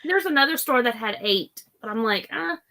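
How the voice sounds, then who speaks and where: A woman's voice: a little high, expressive, brisk, pushed and bright, slight background noise. A woman with a Southern US accent hosting a casual live-stream chat and reading viewer comments aloud. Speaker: host.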